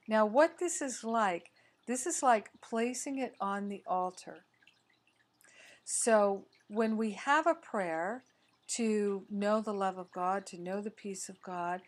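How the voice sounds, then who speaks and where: A woman spiritual teacher giving a sermon, slow and measured, with gentle repetition. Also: mid-range voice.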